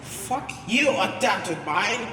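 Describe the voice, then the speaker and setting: A man's voice: high-pitched, sing-song, extremely slow, a crowd in the background, exaggerated voice. A man voicing a swearing, ranting angry cat. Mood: furious ranting. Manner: ranting, swearing, shouting outbursts. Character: foul-mouthed angry male house cat. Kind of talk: amateur comedic voice acting. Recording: echoey room with long reverb.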